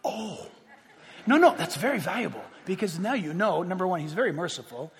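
A man's voice: high voice, animated, brisk. A preacher voicing God, blunt and fatherly. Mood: kindly. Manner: blunt, matter-of-fact, kindly. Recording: long echo of a large hall.

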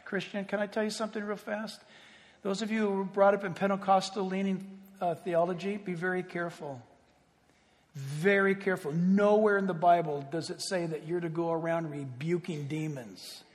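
A man pastor preaching a sermon, animated, swinging between loud exclaims and hushed asides. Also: sits high, normal speed. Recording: reverberant hall.

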